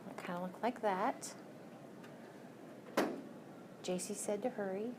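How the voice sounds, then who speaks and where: A woman's voice: mid-range voice, a little slow, pauses often, background noise. A woman teaching chemistry in a recorded lecture, chatty and self-correcting, with joking asides to her students. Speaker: chemistry instructor.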